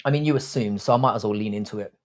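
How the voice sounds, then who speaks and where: Speaking very fast in a fairly low voice, a young British man runs a live stream. He reads viewers' comments and responds with brash, crude banter, dubbing himself "your boy."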